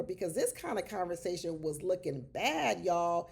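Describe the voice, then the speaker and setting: A woman giving casual, animated commentary on a reality show, exclaiming and talking straight to her viewers as y'all. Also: on the low side, normal speed, vocal fry, slightly rough.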